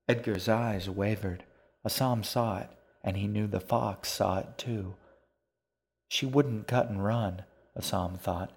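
A man narrating a dark fantasy audiobook in a measured, even manner. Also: fairly low pitch. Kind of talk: scripted narration.

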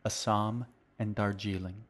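A man reading his own novel aloud as a podcast, in measured, even storytelling narration. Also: lowish voice.

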